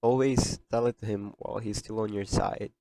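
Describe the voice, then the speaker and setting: Podcast host, young man, low register, tearful sincerity, dry close mic. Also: fairly even intonation, moderate pace, mellow, no room sound. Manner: emotional, tearful, earnest. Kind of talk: heartfelt podcast monologue.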